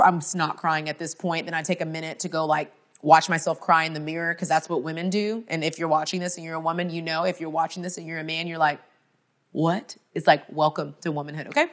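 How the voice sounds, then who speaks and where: A woman's voice: fairly low pitch, a bit bright. A woman in her thirties giving a conference talk, telling a personal story with humor and preaching with strong emphasis. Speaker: speaker.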